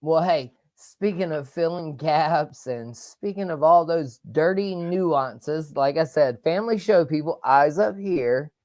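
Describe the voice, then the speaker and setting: A man hosting a live sports talk show, energetic and rambling, with loud outbursts. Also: fairly high pitch, measured pace, hardly any pauses, no echo. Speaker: podcast host.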